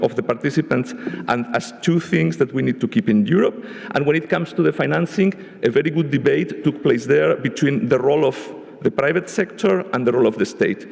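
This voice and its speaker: Gravelly man summarizing in a hall. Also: medium pitch, a little mellow. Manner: measured, restarts phrases while summarizing. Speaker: panel rapporteur. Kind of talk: conference summary speech. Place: large conference hall. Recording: echoey conference hall.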